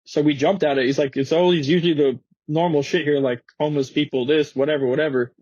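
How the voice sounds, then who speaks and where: A man's voice: a little high, steady tone, quick pace, a little mellow, no room sound, muffled recording. A young man, a skateboarding guest, telling a story in a slangy, profane way and acting out the quotes. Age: young adult. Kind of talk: animated storytelling with quoted voices. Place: podcast studio.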